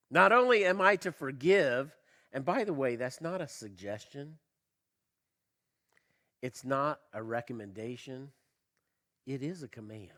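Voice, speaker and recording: Guy preaching in church, sharp bright voice, keeps asking the crowd stuff, a bit of a throat tickle. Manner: animated, swings from loud emphasis to quiet low delivery; asks the congregation questions. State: slight cough, tickle in throat. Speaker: pastor. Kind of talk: sermon.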